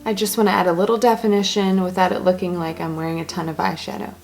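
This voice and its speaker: A woman's voice: fairly low pitch, little pitch movement, fast, creaky, darkish tone. Woman, casual makeup tutorial, chatty, joking asides, faint background music. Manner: chatty, self-narrating each step. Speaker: beauty blogger.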